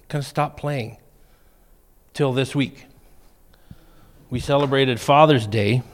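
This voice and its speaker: A middle-aged man preaching a sermon, telling funny stories in a lively way. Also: medium pitch. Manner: humorous storytelling, animated. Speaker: pastor. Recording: long reverb of a church hall.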